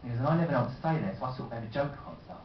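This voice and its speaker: A man doing a stand-up set, telling stories deadpan and putting on voices. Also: mid-range voice, very fast, distant mic, a little hiss or hum. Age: 20s. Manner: deadpan storytelling with voiced impressions. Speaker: stand-up comedian. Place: comedy club stage. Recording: roomy lo-fi live recording from afar.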